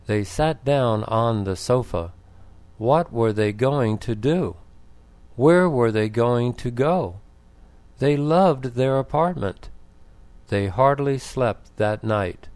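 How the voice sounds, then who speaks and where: A man narrating a short story in a deliberate, clearly paced reading voice. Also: medium pitch, darkish tone, dry recording. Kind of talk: slow scripted storybook narration.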